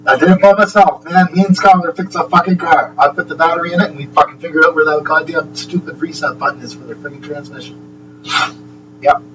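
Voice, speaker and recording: This man hosts a livestream and chats loosely, rambling along with constant swearing and little chuckles between sentences. He speaks briskly in a slightly high voice from far away, and a steady hum runs underneath.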